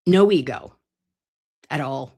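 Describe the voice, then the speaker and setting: A woman's voice: low voice, lively intonation, slow pace, warm tone. A woman in her late thirties hosting a live stream, chatting in a rambling, playful and sometimes crude way. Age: 30s. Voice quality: self-described grating voice. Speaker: livestream host. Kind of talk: casual livestream chat. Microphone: computer mic on a live stream.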